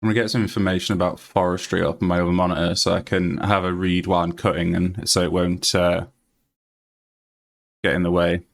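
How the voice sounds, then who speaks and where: A man's voice: low voice, flat delivery, fairly quick, creaky. A man with a Yorkshire accent, chatting casually on a game stream and reading notes aloud with many fillers. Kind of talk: casual live-stream chat.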